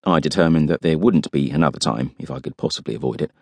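A man's voice: very deep voice, fast talker, darkish tone, no room sound. A man narrating a first-person audiobook with wry, dry humour.

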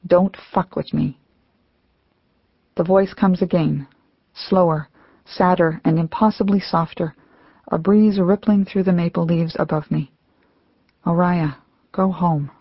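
A woman's voice: fairly low pitch, no room sound. Reflective middle-aged woman reading her memoir. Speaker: author narrating her own memoir. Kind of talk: audiobook memoir narration. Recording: dull, slightly lo-fi dry audio.

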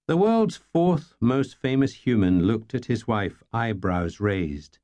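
A man's voice: lowish voice, very animated, takes it slowly, hardly any pauses, dark tone. A man narrating a first-person novel in a dry, wry storytelling manner. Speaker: audiobook narrator.

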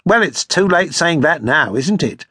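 Man doing a sour grumbly cafe lady, husky, dry close sound. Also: fairly high pitch, animated, measured pace, pushed and bright, no room sound, heavily acted. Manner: sour, complaining. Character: sour-tempered woman in a cafe.

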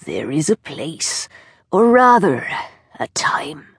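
A hoarse, cryptic old witch from a storybook who seldom speaks, her words slow and half whispered, as a woman narrator puts her on. Her voice sits low and dry, close to the mic. She is eager and sharp under the riddles. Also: very animated, no echo, exaggerated voice. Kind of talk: audiobook character voice.

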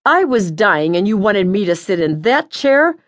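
A woman's voice: medium pitch, sing-song, measured pace. A woman voicing the scolding, blunt ghost of an older mother in an audiobook. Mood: complaining. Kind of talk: audiobook character voice.

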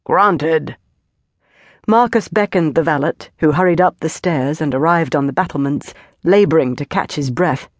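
A woman narrating an epic fantasy audiobook in a steady, measured way. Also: low voice, no echo, studio quality.

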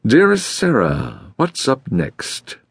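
A man voicing a calm, courteous middle-aged male detective who talks in a polite, measured way, in an audiobook. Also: mid-range voice, creaky, slightly rough, dry recording, studio quality, voice pushed up, full character voice. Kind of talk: audiobook character voice.

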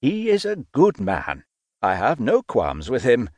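A woman voicing a stern, unbending aristocratic father in an audiobook, slow and commanding. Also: very deep voice, wildly swooping pitch, darkish tone, no room sound, pitched below the performer's own voice, exaggerated voice. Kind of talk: audiobook character voice.

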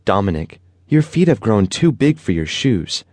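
A man's voice: lowish voice, big pitch swings, moderate pace, darkish tone, no echo. A man voicing a patient, caring mother in a children's storybook. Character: caring mother of a young boy.

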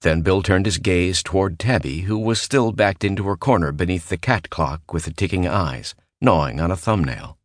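Deep-voiced male audiobook narrator. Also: normal speed, few pauses, no echo, studio quality. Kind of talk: scripted narration. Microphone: close studio mic.

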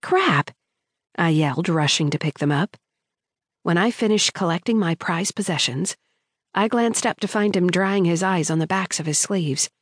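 A woman narrating a first-person romance audiobook in a measured storytelling manner, recorded close on a studio mic. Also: fairly low pitch, dry recording.

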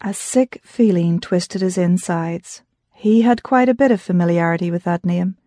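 A woman narrating an audiobook in a measured storytelling manner. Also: on the low side, dark tone, dry recording, studio quality. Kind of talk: scripted narration.

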